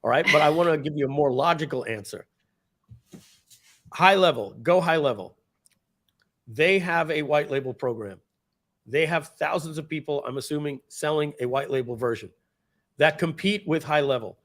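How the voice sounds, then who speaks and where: Middle-aged male host, casual live-stream pitch, rambling with lots of fillers. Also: moderate pace, long pauses. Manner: rambling, many fillers and restarts; animated, acts out quoted dialogue. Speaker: host presenting software.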